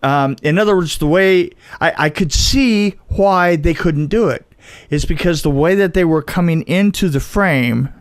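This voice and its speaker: A podcast co-host chats casually in a slightly high male voice. He stops and restarts often, reaching for words with fillers. The sound is dry and close. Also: smooth, no room sound. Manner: halting, many fillers and restarts. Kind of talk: casual chat.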